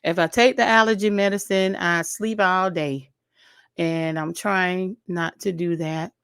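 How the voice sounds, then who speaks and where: A woman's voice: lowish voice, fairly even intonation, unhurried, fairly bright tone, clear, resonant tone, dry recording, clean studio sound. Blunt woman vlogger with a weak, allergy-worn voice. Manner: blunt, opinionated, chatty, talks straight to viewers. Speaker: YouTube commentary host. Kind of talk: casual commentary vlog.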